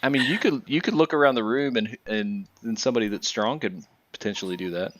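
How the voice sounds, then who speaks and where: A man's voice: fairly low pitch, fast. A man narrating a tabletop role-playing game as dungeon master, hesitant and casual with frequent restarts. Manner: relaxed, hesitant, restarts often.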